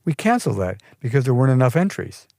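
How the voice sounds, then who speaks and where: A man's voice: mid-range voice, very animated, quick pace, dry recording, clean studio sound, pitched above the performer's own voice. Meek young receptionist, as a man reads her. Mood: apologetic. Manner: quiet and apologetic.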